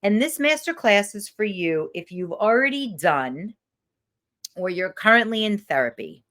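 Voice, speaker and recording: A middle-aged woman, a confidence coach, leading a live online masterclass in an emphatic, sassy, animated way. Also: mid-range voice, a little slow.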